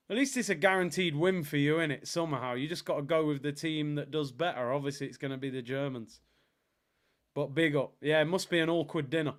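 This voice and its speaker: A man's voice: fairly high pitch, normal speed. A young man hosting a football watchalong livestream, chatting casually in slang-filled banter. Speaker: livestream host.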